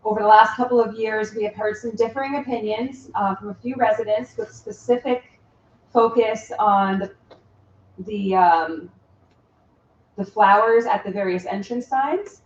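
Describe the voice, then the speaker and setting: A woman's voice: mid-range voice, slight background noise. A woman chairing a town public hearing, speaking formally and measuredly, with some hesitant fillers, in a town hall meeting room. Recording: distant, roomy, dull meeting-room audio.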